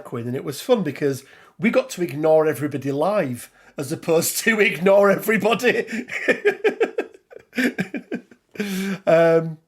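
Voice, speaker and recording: Brief: rambling middle-aged English man, slightly high voice, live-stream host. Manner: chatty, rambling, reads out viewer names. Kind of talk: casual live-stream chat.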